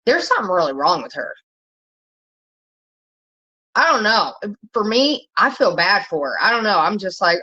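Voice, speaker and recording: A woman's voice: very animated, normal speed, long pauses, bright, forceful tone, husky. A woman rants bluntly and profanely, wandering from point to point, her voice climbing sharply when she gets fired up. The sound is a little dull and lo-fi, like a basic home setup. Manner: blunt, profane, rambling, rising pitch when worked up. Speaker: commentary vlogger. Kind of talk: casual ranting commentary.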